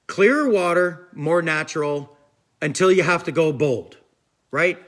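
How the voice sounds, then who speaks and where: Man, fishing stream host; chatty, rambling, a touch high-pitched. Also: unhurried, a bit bright. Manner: rambling, chatty, repeats "I'm telling you". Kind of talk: casual live stream chat, answering viewers.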